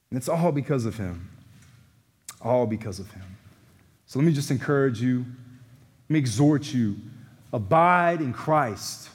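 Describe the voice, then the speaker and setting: A man preaching a sermon as pastor, earnest and emphatic, with quiet reflective passages, ending in prayer. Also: medium pitch, slightly rough. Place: church sanctuary. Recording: long church hall reverb.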